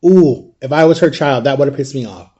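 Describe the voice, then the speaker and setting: A male vlogger with a mid-range, warm voice talks at a moderate pace, sharing personal memories in a casual, chatty monologue. He keeps dropping "like" and "right?" as he retells those memories vividly and with real emotion.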